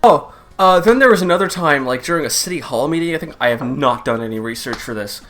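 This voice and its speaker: A man riffing in a crude, casual comedic rant, laughing often and jumping into loud mocking impressions. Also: on the high side, lively intonation, fast talker, a little hiss or hum. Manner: profane, laughing, swings into loud mock quotes. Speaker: comedy commentary host.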